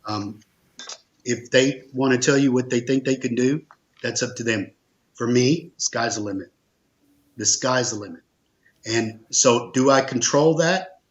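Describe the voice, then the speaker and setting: A man, an insurance agency owner, telling stories in a conversational interview, earnest and emphatic, repeating phrases for stress. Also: mid-range voice. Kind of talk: conversational storytelling.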